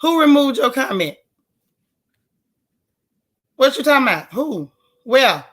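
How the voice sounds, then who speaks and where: A woman's voice: high-pitched, sing-song, slow pace, fairly bright tone. A woman hosting a live stream, chatting casually and outspokenly as she reads viewer comments. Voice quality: raspy. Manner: chatty, folksy and outspoken, with Southern colloquial phrasing.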